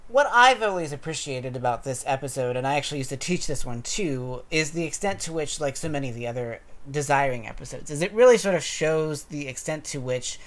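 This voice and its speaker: A man's voice: fairly high pitch, fairly quick, hardly any pauses. A man co-hosting a podcast, talking through an episode in casual chat with thoughtful, academic phrasing and bursts of laughter. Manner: animated, laughs while making points. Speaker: podcast co-host.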